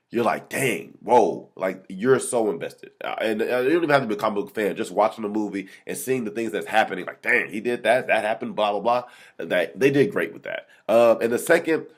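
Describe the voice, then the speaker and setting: A man hosting his own movie review vlog, talking off the cuff with excitement, rambling and often correcting himself mid-sentence. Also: fairly low pitch. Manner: excited, rambling, many restarts and self-corrections. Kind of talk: casual unscripted movie review.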